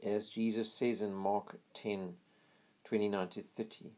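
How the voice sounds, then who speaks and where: A man reading a memoir aloud in an earnest, steady way, now and then pausing to pray quietly. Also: on the low side. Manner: earnest, pauses for quiet prayers. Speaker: reader of a missionary memoir.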